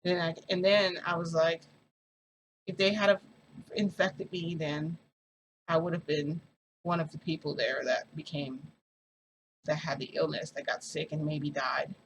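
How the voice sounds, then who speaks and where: A woman's voice: deep voice, fairly even intonation, unhurried, long pauses, poor audio. Woman vlogger rambling thru a dramatic story, lots of "like" and "okay?", faint room hum behind. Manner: rambling, dramatic, many fillers and asides. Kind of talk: casual storytelling about a shifting experience.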